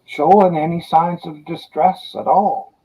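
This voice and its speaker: Husky man giving short, subdued answers. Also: a little high, steady tone, measured pace, dark tone, low-quality recording. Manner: terse, subdued replies. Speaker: friend. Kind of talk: casual chat.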